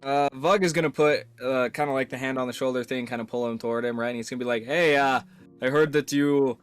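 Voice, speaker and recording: Smooth-voiced man playing a tabletop game. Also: mid-range voice, level tone, rapid-fire, soft background music. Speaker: player.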